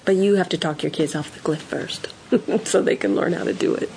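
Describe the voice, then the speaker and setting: A woman's voice: lowish voice, fairly quick, vocal fry, a little hiss or hum, rough recording. A woman giving parenting advice in an earnest, emphatic way, acting out example conversations. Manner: warm, earnest, emphatic, acts out example dialogues. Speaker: parenting counselor guest.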